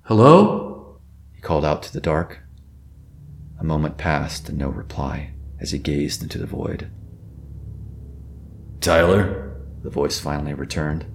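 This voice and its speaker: A man reading a suspenseful story as a narrator, measured and even. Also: rumbling low, a little hiss or hum. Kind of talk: scripted narration.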